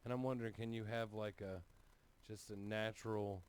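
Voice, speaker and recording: A man from Louisiana hosts a podcast in crude, casual banter. He swears freely and tells stories with a joking edge, his voice sitting on the low side. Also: fairly even intonation, normal speed, clear, resonant tone. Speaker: podcast host.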